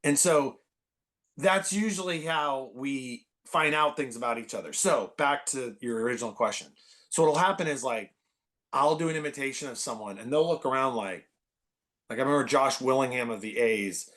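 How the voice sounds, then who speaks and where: A man in his forties, a podcast guest, telling stories in casual conversation, animated and full of fillers and restarts. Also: medium pitch, normal speed. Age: 40s.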